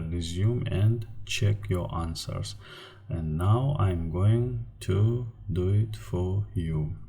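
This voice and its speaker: A man's voice: low voice, warm tone. A man with a Turkmen accent teaching a language lesson over slides, hesitant, with many fillers and restarts as he sounds out syllables one by one. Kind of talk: slide-based grammar lesson.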